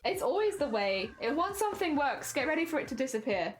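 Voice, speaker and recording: A woman's voice: high voice, big pitch swings, a little fast, faint music behind. A woman with a standard British accent, chatting casually on a stream while she works on a craft, rambling with restarts. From Hampshire, England.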